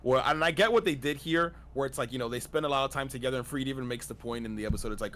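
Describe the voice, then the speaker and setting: A man's voice: mid-range voice, racing, few pauses, a bit bright. Rambling man in casual chat, faint hiss. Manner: rambling with many restarts and fillers. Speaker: guest on a streamed anime discussion.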